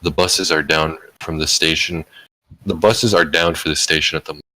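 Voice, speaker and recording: A man's voice: rumbling low, steady tone, normal speed, pushed and bright, no echo, rough recording. A young man jokingly reading fan fiction aloud, with offhand asides. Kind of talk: comedic read-aloud.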